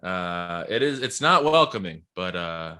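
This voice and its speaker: A man co-hosting a casual comedy podcast, telling stories in an animated, jokey way and laughing often. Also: sits low, a little slow, smooth. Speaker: podcast co-host. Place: home in New York.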